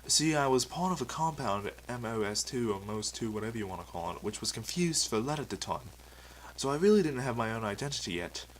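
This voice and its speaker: A man's voice: mid-range voice, expressive, fairly quick, a little hiss or hum, lightly acted, rough recording. A man voicing a touchy, boastful metal superhero man with a British accent and a pompous, easily offended manner. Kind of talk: comedy sketch acting.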